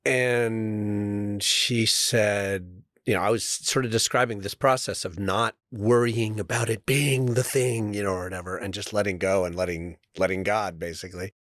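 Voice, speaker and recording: A man's voice: fairly low pitch, fairly even intonation, moderate pace, a bit bright, dry recording, studio quality. A middle-aged man co-hosting a podcast, talking casually and searching for his words. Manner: rambling, searching for words, with laughs and fillers. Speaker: podcast co-host and actor. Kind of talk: casual chat.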